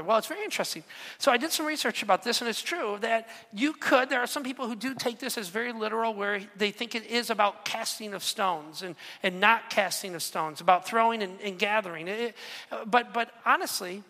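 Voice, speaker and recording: A pastor preaching a lively sermon, firing questions at the congregation and slipping in joking asides. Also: medium pitch, brisk. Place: church sanctuary. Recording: long reverb of a large hall.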